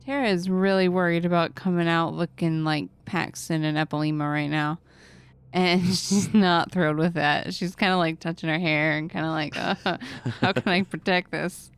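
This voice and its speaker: A woman's voice: fairly low pitch, fairly even intonation, normal speed, clear, resonant tone, no echo. A woman playing a tabletop game, chatting about her character with frequent giggles. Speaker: player.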